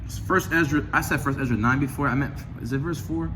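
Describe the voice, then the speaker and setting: A man's voice: mid-range voice, fast, noisy background. A man casually talking about scripture and his own life, rambling with many restarts and sometimes acting out conversations. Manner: rambling, restarts often, retells chats in raised voice. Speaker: religious video host. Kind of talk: casual religious commentary with scripture reading.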